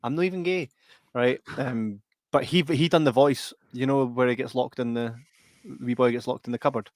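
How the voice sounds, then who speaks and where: A man's voice: mid-range voice, fairly even intonation, no echo. A man, co-hosting a podcast in sweary, jokey casual chat. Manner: sweary, banterous, quick storytelling. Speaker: podcast co-host.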